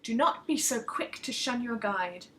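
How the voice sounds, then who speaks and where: Woman putting on a slow, scolding old crone. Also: a little high, a bit bright. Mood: knowing. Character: old crone, wise and impatient.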